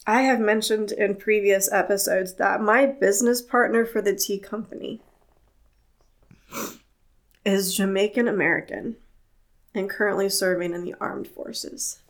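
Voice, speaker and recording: Woman podcast host, solo monologue, earnest and plain-spoken, slow delivery. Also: medium pitch, fairly even intonation.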